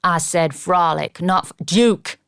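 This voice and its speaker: A gruff, insolent butler who grunts out short, blunt lines, as a woman narrator puts him on. His voice sits low and gravelly, dry and close to the mic. He is a cheeky ruffian in an audiobook. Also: level tone, normal speed, no echo.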